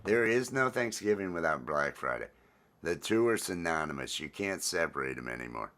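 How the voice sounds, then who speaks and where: A man's voice: very deep voice, very animated, moderate pace, a bit bright. A man hosting a casual livestream chat, talking in a laid-back, rambling way, repeating his phrases and greeting viewers by name. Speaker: livestream host.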